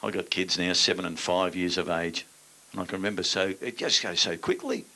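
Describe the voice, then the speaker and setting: A man's voice: sits low, fairly even intonation, brisk, sharp tone. A middle-aged Australian man, a singer, chatting on stage in crude, joking, blokey banter.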